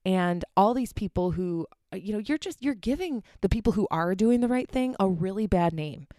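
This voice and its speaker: A woman's voice: medium pitch, expressive, moderate pace, mellow, no room sound, clean studio sound. A young adult woman hosting a solo podcast from her apartment, ranting casually, swearing often and getting sidetracked. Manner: rambling, profane, easily sidetracked. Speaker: podcast host.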